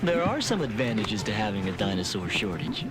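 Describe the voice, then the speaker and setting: Flirty cartoon hero. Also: male voice, lowish voice, big pitch swings, brisk, loud music behind the voice. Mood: playful. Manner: playful, flirty. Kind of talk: 1980s cartoon voice acting. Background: loud cartoon score.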